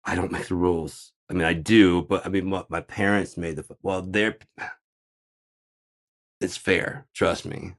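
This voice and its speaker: A man's voice: sits low, fairly even intonation, a little slow, long pauses. A man ranting in a casual monologue, sarcastic, profane and rambling. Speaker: host.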